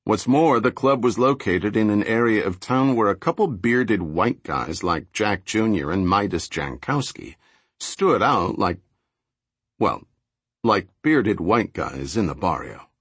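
A man reading a thriller audiobook in a steady, low-key scripted narration. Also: measured pace, husky, no room sound.

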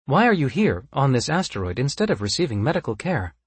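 A man voicing a calm, polite android assistant that speaks in a flat monotone. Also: mid-range voice, a little fast, husky, no echo, pitched above the performer's own voice. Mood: probing.

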